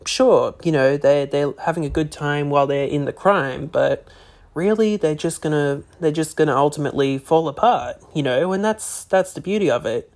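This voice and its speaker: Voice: mid-range voice, normal speed, a little mellow. A podcast host talking alone in a casual, rambling way, with many "you know" and "uh" fillers. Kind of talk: casual solo podcast talk.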